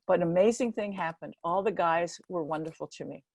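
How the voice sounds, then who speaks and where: Older woman in her 70s, motivational speaker, animated storyteller, lowish voice, dry close sound. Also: a little fast, no room sound, muffled recording. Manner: lively storyteller who acts out the quoted voices. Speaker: guest speaker.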